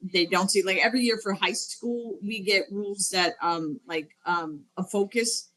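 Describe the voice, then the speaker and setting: A woman's voice: medium pitch, normal speed, pushed and bright, poor audio. A woman co-hosting a sports podcast, chatting casually and thinking aloud with fillers. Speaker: podcast co-host.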